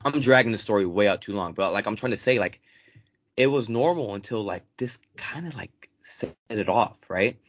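On a dry, dull lo-fi recording with no echo, a young man co-hosting a podcast tells a story casually at normal speed. His voice sits on the low side; he curses a lot and animatedly acts out quoted lines in a raised voice.

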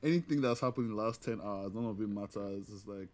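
A man's voice: on the low side, quick pace. A young man co-hosting a casual podcast, talking in a loose, teasing way full of fillers. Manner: lively, teasing, filler-heavy. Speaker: podcast co-host. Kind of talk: casual chat.

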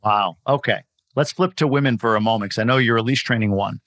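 A man's voice: fairly low pitch, fast talker, a bit bright, dry recording, studio quality. A man hosting an interview, asking rambling questions and stacking several at once. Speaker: podcast host.

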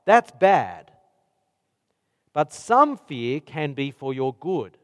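A man with a high voice preaches a sermon at an unhurried pace, setting his words apart with weighty pauses. A long hall reverb trails behind his voice. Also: sing-song, fairly bright tone.

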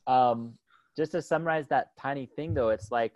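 Rambling dad on a podcast, dry sound. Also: male voice, mid-range voice, moderate pace, a little mellow, no room sound, dull audio. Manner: rambling, loaded with "like" and "right?", laughing often. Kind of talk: casual chat.

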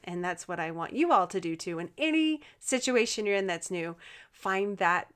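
A woman's voice: lowish voice, expressive, moderate pace, fairly bright tone, clean tone. A woman giving a casual motivational talk, speaking earnestly and encouragingly to her listeners, with plenty of fillers and restarts. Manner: chatty with frequent fillers and restarts.

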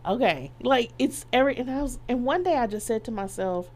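A woman's voice: on the high side, animated, brisk, darkish tone. A middle-aged woman telling a personal story as an interview guest, acting out the quoted voices and laughing as she goes.

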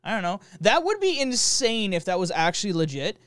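A man's voice: sits high, big pitch swings, brisk, fairly bright tone, smooth, no room sound, clean studio sound. A man co-hosting a casual gaming chat, rambling and joking with frequent laughter and fillers. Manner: jokey, laughs often, rambling with many fillers.

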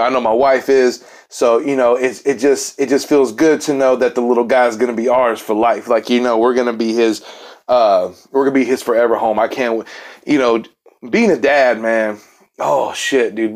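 A man talking casually and crudely on his own, swearing constantly and breaking into sudden high, indignant outbursts. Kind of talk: casual profane monologue.

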